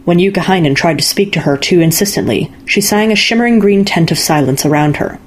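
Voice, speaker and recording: A woman reading a fairy-tale story aloud in calm, measured narration. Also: fairly low pitch, a little hiss or hum. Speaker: story reader. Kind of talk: scripted narration.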